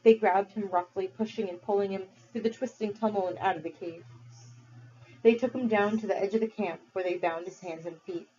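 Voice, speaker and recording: A woman teacher reads a novel aloud to her class at a measured, expressive pace. Her voice sits at a middle pitch. The recording is dull and lo-fi.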